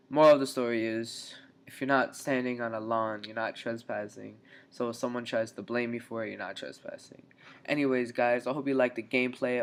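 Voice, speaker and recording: Young man, casual storyteller, rambling, lots of fillers, mid-pitched voice. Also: a bit bright. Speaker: vlogger.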